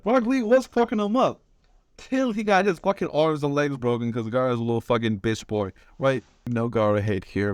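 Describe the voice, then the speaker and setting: A man's voice: fairly high pitch, a little mellow, smooth, no echo, clean studio sound. A man giving fight predictions, talking slangy and rambling, swearing a lot and restarting his sentences. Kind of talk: casual chat.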